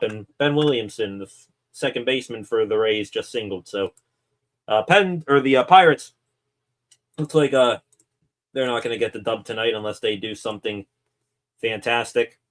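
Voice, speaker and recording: A man hosting a sports channel, giving excited live play-by-play reaction commentary that rambles with fillers and self-corrections. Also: mid-range voice.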